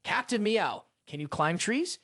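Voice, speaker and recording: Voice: mid-range voice, sing-song, a little slow, a bit bright, no room sound, clean studio sound. A narrator voicing a cheeky, scheming young male detective who talks in a teasing, wheedling way.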